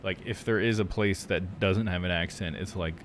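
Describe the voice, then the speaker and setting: A man's voice: deep voice, steady tone, normal speed, a bit bright, slight background noise. Rambling rural Midwestern American man. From United States. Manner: rambling, full of "like" and restarts. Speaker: streamer. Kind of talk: live gameplay commentary.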